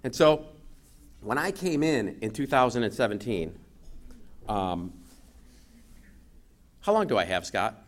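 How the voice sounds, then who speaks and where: Male guest speaker, animated storyteller with a wide-ranging pitch. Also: slow, pauses often. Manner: animated storyteller, acts out quotes. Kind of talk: lively after-lunch talk.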